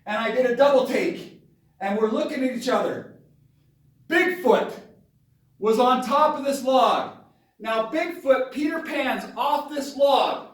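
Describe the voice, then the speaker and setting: A father telling a personal story to his camera in a dramatic, excitable way, with sudden bursts of yelling. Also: very high-pitched, a little slow. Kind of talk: animated story time on camera. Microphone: camera mic at a distance. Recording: very echoey room, voice far from camera.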